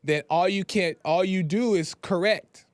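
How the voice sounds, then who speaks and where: A man's voice: high-pitched, a little slow, dry recording. A man hosting a podcast, giving his opinion in an earnest, lecturing way and often repeating himself. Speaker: podcast host. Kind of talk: opinion commentary.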